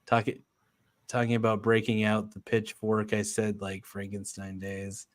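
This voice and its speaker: A man's voice: on the low side, completely flat delivery, a little slow, no echo. A man hosting a casual livestream, reading viewer comments aloud and laughing often. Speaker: livestream host.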